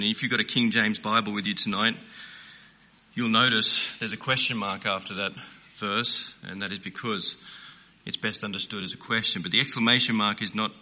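A man preaching a sermon in an earnest, emphatic way, slowing down to stress key phrases. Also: on the low side, pushed and bright.

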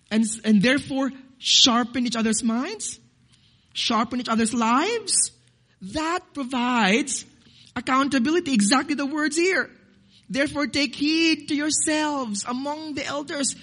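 A man's voice: very high-pitched, fairly bright tone. A man, a pastor, preaching a sermon to his congregation. He cites scripture, repeats words, and stresses key phrases. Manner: addresses congregation as "dearly beloved".

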